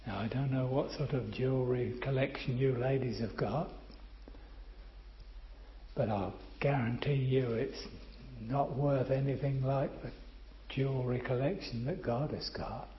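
An older man preaching a sermon, slow and emphatic, calling his listeners friend. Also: mid-range voice, fairly even intonation, a little hiss or hum. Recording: roomy, slightly dull church recording.

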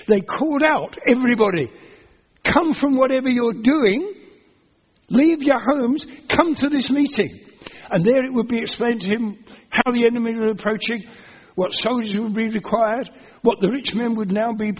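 A man's voice: high voice, husky. A man preaching an expository sermon, explaining carefully and building to emphatic, repeated phrases. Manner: earnest, explanatory, rising to emphatic repetition. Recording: dull lo-fi sermon recording.

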